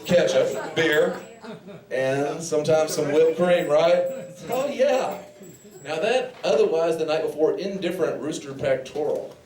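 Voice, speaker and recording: A man's voice: on the high side, a little slow, darkish tone. Cowboy standup man, rambling and folksy, mid-range voice, recorded live in an echoey bar from a distance. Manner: folksy cowboy drawl, rambling, breaks into silly singing. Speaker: standup comedian. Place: bar and grill with live audience. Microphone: handheld mic.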